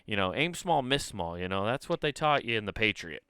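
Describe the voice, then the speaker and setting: A man rambles through a solo comedy podcast, cursing freely. His low voice is smooth and clear, recorded close and dry. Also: fairly quick, dry recording. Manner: rambling, profane, animated.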